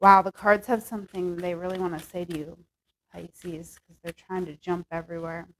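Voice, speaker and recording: A woman's voice: on the low side, little pitch movement, normal speed, a little hiss or hum, low-quality recording. A young woman doing a casual tarot reading, talking chattily and upbeat with lots of "like" and "okay". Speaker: tarot reader.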